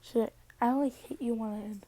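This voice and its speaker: A woman casually improvising a fan fiction story, hesitant, with many fillers and long pauses, sometimes dropping to a whisper. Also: on the high side, fairly even intonation, mellow, slight background noise, low-quality recording.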